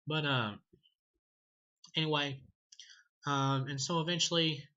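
A man's voice: a little high, fairly even intonation, slow pace, bright, forceful tone, muffled recording. A man casually reviewing a movie, rambling, swearing and laughing often as he talks. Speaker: film reviewer.

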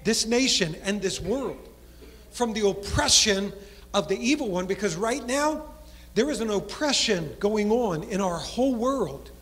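A pastor preaches in a strikingly high voice, leaning into long cadenced phrases. He sinks low and quiet on key words, then surges faster. His voice rings out with a long church reverb around it. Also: expressive. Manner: preaching cadence, drops low and soft for emphasis, then speeds up. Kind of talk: sermon.

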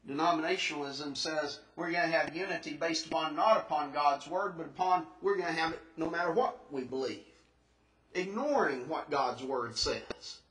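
A man preaching a sermon in a church, earnest and emphatic, slowing down to stress scripture and rising into questions. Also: a little high, a bit bright, recorded from a distance. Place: church sanctuary. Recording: echoey church recorded from afar.

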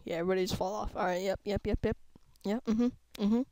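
Goofy woman gamer, mid-pitched, dry close desktop mic, playful self-mocking commentary. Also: steady tone, fast, warm tone, no echo. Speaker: gameplay commentator. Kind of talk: casual let's-play commentary. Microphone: desktop microphone at a computer.

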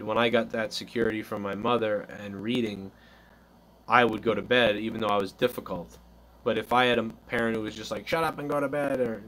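A man's voice: on the low side, fairly bright tone, a little hiss or hum. Rambling male stream host. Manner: loose, rambling, acts out little quotes. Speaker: host of a live call-in stream. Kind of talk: casual chat.

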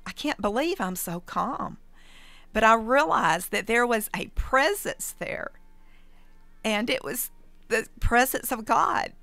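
A woman's voice: on the high side, creaky, no room sound. Earnest woman telling a testimony. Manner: calm, earnest storytelling. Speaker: radio guest sharing testimony. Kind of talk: personal testimony storytelling.

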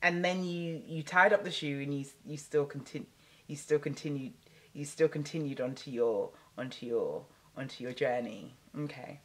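Low-voiced exasperated woman ranting. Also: normal speed. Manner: animated, exasperated, repeats phrases for emphasis. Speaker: vlogger. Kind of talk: casual ranting vlog.

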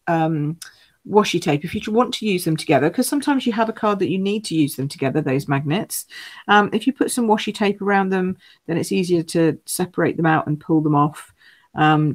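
A woman hosting a live craft stream, chatting casually, rambling and answering viewer comments as she shows cards. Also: deep voice. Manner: chatty, rambling, loses her train of thought.

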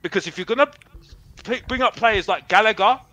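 A man's voice: sits high, a little fast, pushed and bright, no room sound, poor audio. A man, a football fan arguing heatedly on a fan show, brash and boastful, repeating himself. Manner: brash, boastful, repeats himself, calls himself Mister Box Office.

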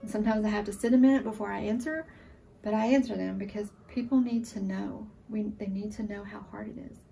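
Gravelly, earnest woman in her forties. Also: medium pitch, steady tone, mellow, distant mic, soft background music. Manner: emotional, earnest, halting. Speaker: surviving military spouse. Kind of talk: testimonial interview.

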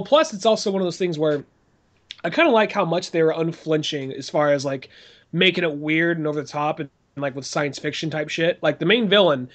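Profane, excitable man talking movies. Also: on the high side. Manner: loose, profane, animated retelling of scenes. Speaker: podcast co-host. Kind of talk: casual movie chat.

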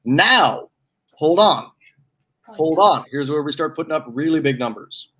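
A man's voice: on the high side, animated, unhurried, sharp tone, breathy edge. A man in casual chat, playful and teasing, stretching out each reveal. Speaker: guest presenter.

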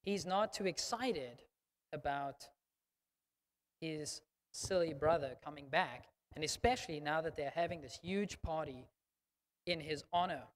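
A man's voice: a little high, unhurried. A male pastor preaching a sermon in an emphatic, conversational way, often checking in with the congregation. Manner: emphatic, conversational, frequent "okay?". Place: church sanctuary. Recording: long church reverb.

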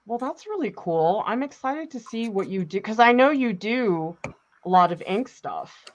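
A woman's voice: medium pitch, lively intonation, normal speed. A woman art teacher chatting casually and playfully during an art demo, teasing her co-host.

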